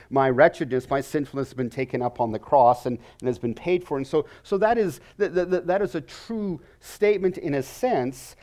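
A man's voice: on the high side, darkish tone. Earnest stammering male Bible teacher. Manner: earnest, stammers and repeats words. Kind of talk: Bible lesson lecture.

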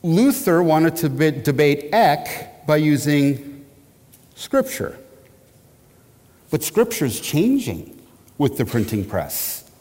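A man teaching church history in a lecture, animated, often repeating words and asking his listeners questions. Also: a little high, slow, long pauses. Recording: long hall reverb.

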